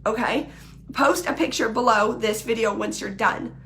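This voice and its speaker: A woman's voice: fairly high pitch, normal speed, gravelly, a bit bright, a little hiss or hum. A woman, talking casually and earnestly to her followers on a live video, repeating phrases for emphasis.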